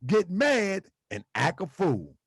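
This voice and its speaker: High-voiced man preaching to his chat. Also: huge pitch swings, takes it slowly, husky, no room sound, studio quality. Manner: preachy, rhetorical questions, repeats phrases. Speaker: host. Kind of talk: livestream commentary to chat.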